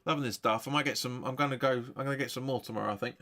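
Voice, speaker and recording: A man hosting a football watch-along stream, giving excitable, sweary live match commentary. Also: medium pitch, very fast.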